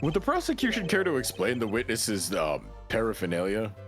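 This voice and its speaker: A man voicing a stern older male courtroom judge in a grave, low delivery, reading game lines on a stream. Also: wildly swooping pitch, fairly quick, soft background music. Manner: grave, deep-dropping delivery.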